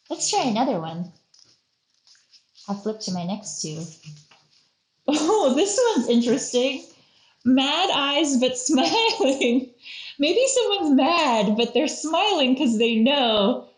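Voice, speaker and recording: A woman's voice: high-pitched, expressive, takes it slowly, echoey room, poor audio. A woman leading a playful art lesson for children, acting out faces and little voices as she goes. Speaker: museum educator.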